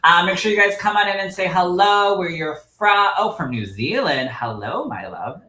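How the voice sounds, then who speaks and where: Animated man chatting, echoey room. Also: sits high, moderate pace. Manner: animated storyteller, laughs often, greets live viewers. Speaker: podcast co-host and medium. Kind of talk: casual livestream chat.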